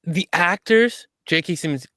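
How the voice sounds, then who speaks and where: A man chats casually as a podcast co-host, agreeable and full of fillers. His voice sits a bit high and sounds dry and close, with no room around it. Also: a little slow, sharp tone, dry recording.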